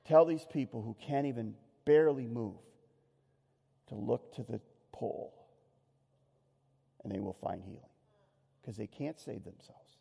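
A man preaching a sermon as pastor, animated, acting out quoted voices and dropping soft and low at solemn moments. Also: a little slow, gravelly, pauses often, slightly rough. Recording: long hall reverb.

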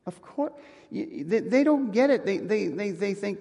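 A man preaching a sermon as pastor, earnest and building to emphatic, forceful points. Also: high voice, lively intonation, measured pace, vocal fry. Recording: long reverb of a large hall.

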